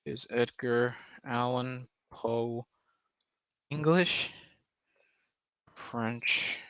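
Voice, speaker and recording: A young man talks slowly and loosely to his stream, drifting between thoughts with plenty of swearing and sudden loud laughs. His voice sits at an ordinary pitch. The audio is dry and a little muffled. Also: steady tone, clear, resonant tone, no echo. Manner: rambling, profane, bursts into loud laughter. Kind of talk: casual rambling chat.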